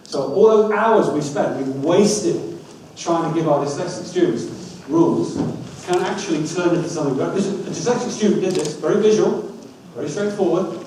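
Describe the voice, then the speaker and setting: Man, lively teaching talk, coaxing audience, echoey hall, distant from mic. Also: high-pitched, normal speed, hardly any pauses. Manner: energetic, coaxing the audience, wry asides. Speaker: dyslexia trainer giving a talk. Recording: echoey hall, speaker off-mic, faint room hum.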